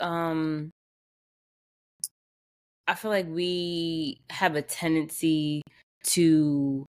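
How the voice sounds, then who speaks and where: A woman hosting a casual, faith-based motivational talk, speaking conversationally, repeating phrases for emphasis and laughing often. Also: low-pitched. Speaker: podcast host.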